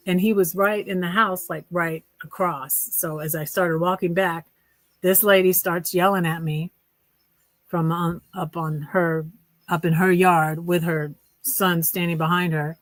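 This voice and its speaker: A woman's voice: lowish voice, fairly even intonation, measured pace, dry recording, rough recording. A woman vlogging from her tiny house, telling a casual story in a rambling way with wry, sarcastic humor. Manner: rambling, restarts often, with many fillers.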